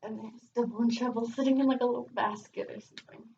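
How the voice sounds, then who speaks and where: A woman's voice: on the high side, quick pace, creaky, slight background noise. Woman reading a children's book aloud. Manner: expressive reading with casual chatty asides. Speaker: reader hosting a read-aloud channel. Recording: dull, distant home recording.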